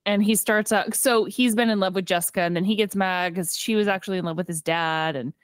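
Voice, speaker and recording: A woman's voice: medium pitch, steady tone, fairly quick, clear, resonant tone, dry recording, clean studio sound. A woman co-hosting a casual movie podcast, retelling scenes with lots of "like" and acting out the characters' lines. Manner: frequent "like" fillers and laughter. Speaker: podcast co-host. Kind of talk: casual movie recap chat.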